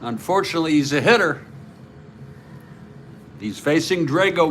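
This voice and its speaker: Slow-talking New York man calling a board game. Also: mid-range voice, lively intonation, slight background noise. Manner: slow, rambling, chats with live viewers between plays. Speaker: tabletop baseball replay host. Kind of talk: play-by-play of a board game with chat.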